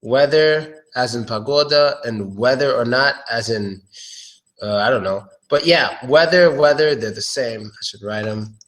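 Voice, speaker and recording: A man giving a casual pronunciation lesson, drilling words slowly and chatting between examples. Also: mid-range voice, fairly bright tone. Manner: slow, drawn-out drilling of words, chatty asides. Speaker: pronunciation teacher.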